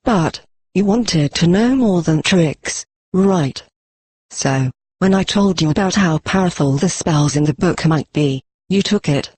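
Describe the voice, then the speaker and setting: A text-to-speech male voice reading the lines of an earnest, patronizing female unicorn pony in a synthetic fanfic reading, speaking slowly as if to a child. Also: lowish voice, animated, a little mellow, breathy edge, no echo.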